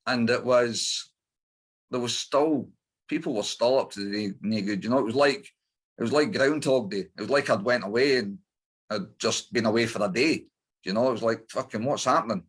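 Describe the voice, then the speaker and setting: This middle-aged Edinburgh-accented Scotsman has a husky, medium-pitched voice and a moderate pace. In an interview he bluntly relates his life story, with heavy swearing and plenty of fillers.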